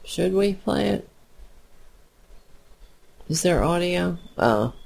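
A woman's voice: on the low side, lively intonation, takes it slowly, vocal fry, darkish tone. A woman delivering a blunt, scornful and profane political commentary rant, often restarting her phrases.

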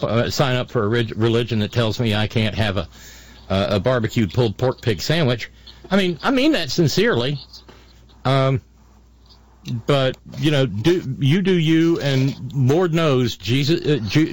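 An older man hosting a podcast, talking in a sarcastic, mocking way with lots of ums and restarts. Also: medium pitch. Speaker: podcast host. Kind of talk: casual political commentary.

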